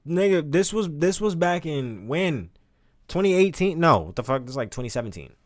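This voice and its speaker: A man streaming casual, animated, profane commentary, reading lyrics aloud between remarks. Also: a little high, moderate pace.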